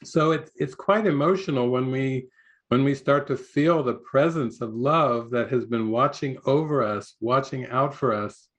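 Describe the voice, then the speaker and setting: A man's voice: mid-range voice, measured pace, dull audio. Older man giving a rambling retreat talk. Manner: rambling, warm-hearted, laughs often, many restarts. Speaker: spiritual teacher. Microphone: video call.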